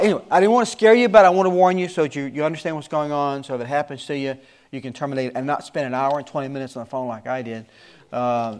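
A man in his sixties, a Sunday school teacher giving his class an earnest, repetitive warning in casual talk. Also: mid-range voice. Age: 60s.

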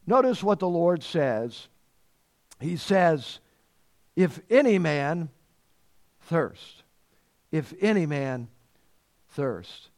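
A man with a fairly high voice preaches in an unhurried, deliberate way. He leans on repeated phrases for emphasis and reads scripture aloud in its old-fashioned wording. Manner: emphatic preaching, repeats key phrases and stretches words for weight. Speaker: pastor. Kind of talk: sermon.

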